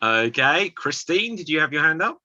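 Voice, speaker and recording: A man hosting an online improv game, calling on players in a drawn-out, playful way over a video call. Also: fairly high pitch, big pitch swings, bright, forceful tone, no echo, highs cut off.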